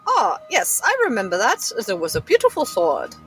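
A woman chatters through her tabletop character with a high, swooping voice. She sounds bubbly and scatterbrained, tossing in "like" and "don't you know". Her pitch bounces all over. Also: huge pitch swings, normal speed, a bit bright, soft background music, rough recording. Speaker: tabletop game player. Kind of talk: in-character tabletop role-play.

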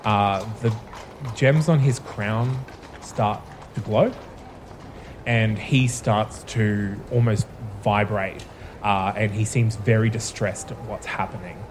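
A man running a tabletop game, narrating slowly with halting pauses and fillers. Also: fairly low pitch, fairly even intonation, background noise. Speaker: game master.

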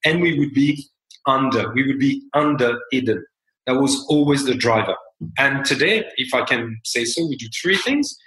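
A man whose first language is French speaks English with a French accent as an interview guest. He talks at an unhurried pace, self-deprecating and often trailing off quietly. His voice sits at a mid pitch and carries a roomy echo. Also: animated. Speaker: guest, company co-founder. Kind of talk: interview answers.

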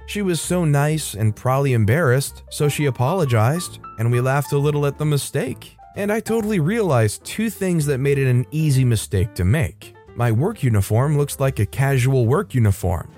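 A man's voice: mid-range voice, lively intonation, a little mellow. Man narrating reddit stories over faint music. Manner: brisk reading with put-on quote voices and wry asides. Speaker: story narrator. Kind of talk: reading reddit stories aloud with commentary.

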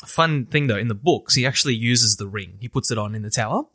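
A man talking casually as a podcast co-host, knowledgeable and quick to laugh. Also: mid-range voice, a crowd in the background. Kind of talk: casual film discussion.

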